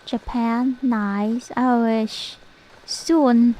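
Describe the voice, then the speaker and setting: A woman's voice: a little high, steady tone, very slow, warm tone. A woman streamer, not a native English speaker, chatting playfully and laughing often while she comments on a game. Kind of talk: casual gaming commentary.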